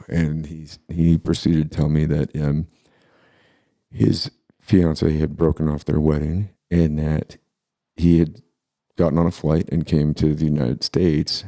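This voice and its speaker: A man in his forties with an extremely deep, gravelly voice tells a personal story in a casual, unhurried way. His tone is dark and mellow, and he often pauses and starts sentences over. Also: level tone. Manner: halting, with many pauses and restarts.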